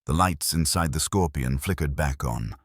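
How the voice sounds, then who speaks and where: A man narrating a scripted horror story in a grave, measured way. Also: extremely low pitch, breathy edge, no room sound, clean studio sound.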